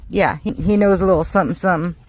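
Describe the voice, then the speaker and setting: A woman's voice: fairly low pitch, racing. Farm vlog lady chatting to the camera, laughs a lot, talks about god being faithful. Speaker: farm vlogger. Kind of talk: casual chat to camera.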